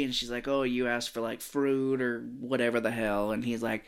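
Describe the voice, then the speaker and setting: A man's voice: mid-range voice, level tone, normal speed, clean tone. A man co-hosting a podcast, retelling a movie's scenes in casual chat, acting out quoted lines and swearing freely. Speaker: podcast co-host.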